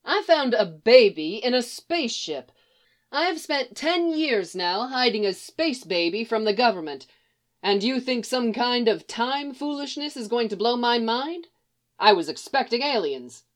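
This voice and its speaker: A woman's voice: on the high side, sing-song, measured pace. A woman voicing a brash, frank middle-aged farm mother who is blunt and folksy. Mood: wry.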